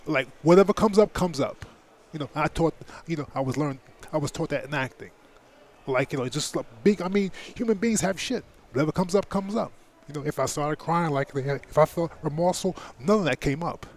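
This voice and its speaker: A man's voice: fairly high pitch, moderate pace. A middle-aged man, a podcast guest, telling a personal story in an emphatic, profane, filler-heavy way. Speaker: guest, former heavyweight boxing champion. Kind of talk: candid storytelling in a podcast interview.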